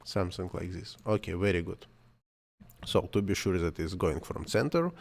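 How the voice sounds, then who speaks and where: Man giving a halting non-native tutorial. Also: low-pitched, animated, gravelly, darkish tone. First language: not English. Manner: halting non-native English, thinking aloud, self-correcting. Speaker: 3D software tutorial maker. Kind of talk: screen-recorded software tutorial.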